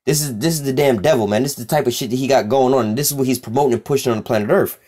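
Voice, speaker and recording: A man teaching scripture casually, reading verses aloud slowly and commenting bluntly with street profanity. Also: medium pitch, darkish tone. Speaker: religious teacher.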